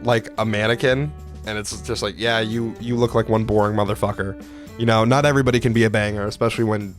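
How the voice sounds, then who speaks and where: Young male vlogger, mid-pitched, casual and profane, excitable fan energy. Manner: profane, excitable, lots of "like" fillers. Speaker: anime video creator. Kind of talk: casual commentary ranking characters.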